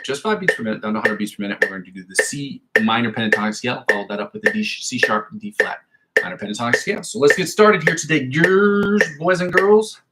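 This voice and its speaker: A man streaming his guitar practice from a hot room at home, chatting casually, cursing freely and calling out tempos and scale positions. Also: lowish voice. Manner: casual, self-deprecating, swears freely. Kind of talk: casual livestream practice talk. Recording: loud noise behind the voice.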